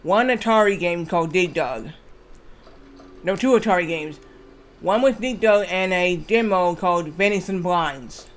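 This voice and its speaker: High-voiced rambling male streamer. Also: moderate pace, hardly any pauses, a bit bright. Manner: rambling, restarts, swears freely. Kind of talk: casual gameplay commentary.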